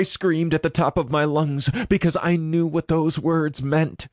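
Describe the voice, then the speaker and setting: A man's voice: a little high, little pitch movement, a little slow, no room sound, clean studio sound. A man narrating a first-person audiobook in a dramatic, intense reading.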